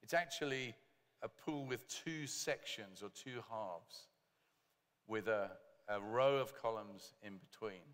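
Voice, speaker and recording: A man preaching a sermon as pastor, lively, with joking asides to the congregation. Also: lowish voice, slow pace, big-room sound. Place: church hall.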